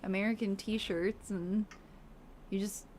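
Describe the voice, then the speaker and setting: A woman's voice: medium pitch, steady tone, slow pace, darkish tone, a little hiss or hum. A woman with a Southern US accent chatting casually on a livestream, laughing often. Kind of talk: casual chat.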